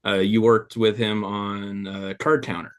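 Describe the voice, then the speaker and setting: A man co-hosting an interview, asking a question hesitantly with many pauses. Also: on the low side, little pitch movement, clear, resonant tone. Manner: hesitant, lots of uh. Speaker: podcast co-host. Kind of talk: casual interview.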